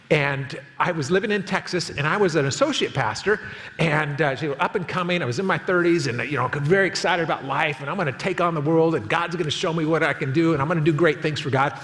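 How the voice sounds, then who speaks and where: A man in his fifties preaching in a church, slipping into voices of the people in his story. His voice sits a little higher than most men's and carries a long hall echo. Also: a little fast. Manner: storytelling, animated with acted quotes. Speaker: pastor. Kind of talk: sermon. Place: church auditorium.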